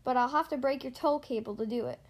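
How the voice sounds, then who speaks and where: A big, grumpy bulldozer who booms his complaints, as a woman reading a storybook puts him on. The voice stays raised and loud, higher than a real brute. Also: quick pace. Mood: angry. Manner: booming, angry.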